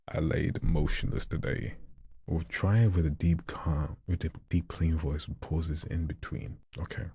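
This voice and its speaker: A man doing voice practice on a livestream, reading viewer scripts in a slow hushed delivery that slips into whispers, and chatting with viewers between reads. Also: extremely low pitch, slightly rough, dry recording, studio quality. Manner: chats to viewers in between reads, quicker and louder. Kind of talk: live practice reading of viewer scripts, mixed with casual chat.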